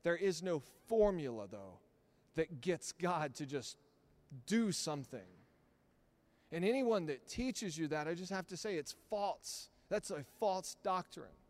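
A man, a pastor, preaching a sermon in a church, moving between hushed storytelling and loud, emphatic peaks. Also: on the high side, expressive, measured pace. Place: church sanctuary.

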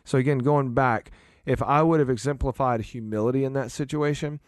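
Casting: man, podcast host and church leader, earnest loose chat, mid pitch, dry close mic. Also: a little fast, dry recording. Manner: earnest, rambling with restarts and fillers.

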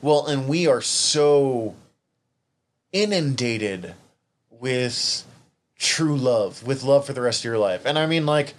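A man's voice: medium pitch, lively intonation, takes it slowly. A man co-hosting a podcast, chatting casually and candidly about a TV show, often rambling and emotional. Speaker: podcast co-host. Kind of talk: casual chat.

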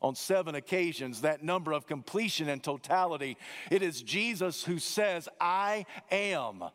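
A man delivers a sermon with dramatic emphasis, stretching key words and swinging his pitch up and down. His voice sits a bit high for a man. The sound carries a long reverb, as from a large church sanctuary. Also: animated, normal speed, a bit bright. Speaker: preacher.

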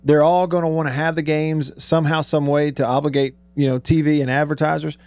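A man's voice: a little high, level tone, brisk, darkish tone, smooth, no room sound. Chatty male radio host, dry studio. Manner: chatty, joking storyteller. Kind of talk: casual radio chat. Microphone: studio microphone.

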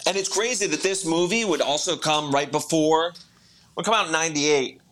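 A man with a bright, forceful voice talks eagerly on a podcast. He rushes through his points in quick bursts and laughs easily along the way. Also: on the high side. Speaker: podcast co-host. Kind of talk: casual chat.

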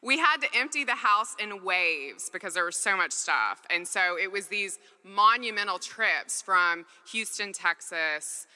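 A woman's voice: medium pitch, expressive, measured pace, hardly any pauses, bright, forceful tone, long reverb tail. A woman from Mississippi preaching a sermon, earnest and conversational as she tells a personal story and acts out the voices in it.

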